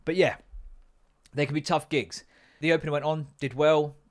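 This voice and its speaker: A man's voice: fairly high pitch, fairly even intonation, moderate pace. A man hosting a podcast, a stand-up comedian talking in a sweary, rambling comic rant.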